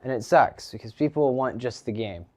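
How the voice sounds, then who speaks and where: Teen male streamer, mid pitch, loose rambling chat full of fillers. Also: moderate pace, darkish tone. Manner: rambling, lots of ums and restarts. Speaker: livestreamer. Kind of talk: casual live stream chat. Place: home garage.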